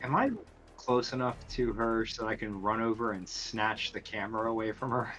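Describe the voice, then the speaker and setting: A man playing a tabletop game, hesitant and drawn-out while choosing his action. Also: on the low side, steady tone, fairly bright tone, dull audio. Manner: hesitant, drawn-out when deciding. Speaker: player. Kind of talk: casual tabletop game play.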